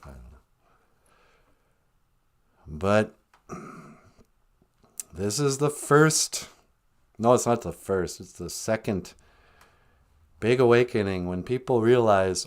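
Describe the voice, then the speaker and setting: A man's voice: lowish voice, expressive, slow pace, long pauses. A man delivering a rambling, mock-serious comic rant, trailing off with chuckles. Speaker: comedic vlogger.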